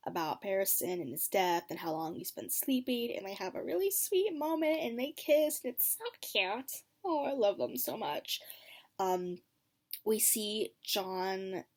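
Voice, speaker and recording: A woman recaps a TV episode for her reaction vlog, chatting expressively with plenty of ums and likes. She swings between lively bursts and low, muttered asides.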